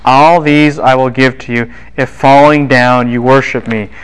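A man giving a university Bible lecture, lively and quizzing the class with quick asides. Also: medium pitch, smooth, low-quality recording.

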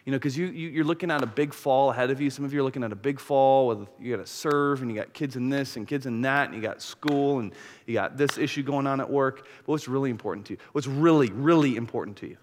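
A man's voice: mid-range voice, fast talker. Candid man preaching in an echoing church. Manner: candid, animated storytelling with confessional asides. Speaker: pastor. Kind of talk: sermon. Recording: long reverb of a large church hall.

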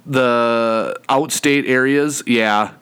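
A man with a Minnesotan accent co-hosts a podcast in a relaxed, easygoing way. He tells stories calmly. His voice is smooth and clear. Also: medium pitch, extremely slow. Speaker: podcast co-host. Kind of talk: casual chat.

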